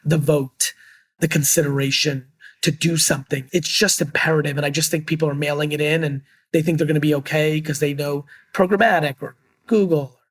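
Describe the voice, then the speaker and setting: A man's voice: fairly high pitch, steady tone, a little fast. A middle-aged man as a guest in a business interview, talking in an emphatic, blunt way and swearing casually. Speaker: guest, entrepreneur.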